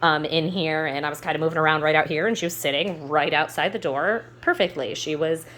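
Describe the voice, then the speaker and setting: Casting note: woman in her thirties, lowish voice, easygoing dog-training vlogger at home, rambles with fillers. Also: a little fast, fairly bright tone, slight background noise. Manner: chatty, loose, with fillers and restarts; sweet high baby talk to the dogs. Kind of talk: casual instructional vlog. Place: in her home, walking between rooms.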